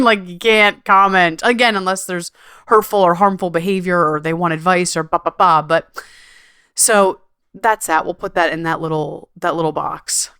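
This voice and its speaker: A woman hosting her own podcast in a candid, casual solo talk, slangy and animated, acting out her own inner voice. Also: lowish voice, smooth, dry recording, clean studio sound. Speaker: podcast host.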